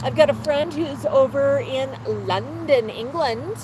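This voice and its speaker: High-pitched woman, chatty livestream host, outdoor patio, faint traffic behind. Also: a little slow. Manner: chatty, laughing, talks to her bird. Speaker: livestream host with her parrot. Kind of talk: casual chat with joke telling. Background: faint street traffic.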